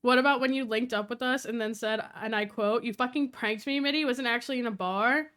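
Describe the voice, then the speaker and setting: Young woman streamer, casual live chat, high bright voice, lively, swears a lot. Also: clean tone. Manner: animated, swearing, quick storytelling with quoted voices.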